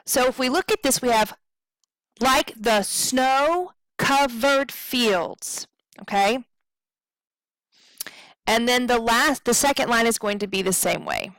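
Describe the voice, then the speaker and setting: A woman's voice: a little high, moderate pace, long pauses, a bit bright, no echo, low-quality recording. A woman teaching poetry meter in a recorded tutorial, explaining patiently, checking in with "okay?" and drawing out words to show stress. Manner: draws out words to demonstrate stress.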